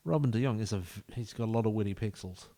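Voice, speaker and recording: A man's voice: fairly low pitch, fast, dark tone. A man giving casual, jokey let's-play commentary as a gaming video host, bantering with the players in the game.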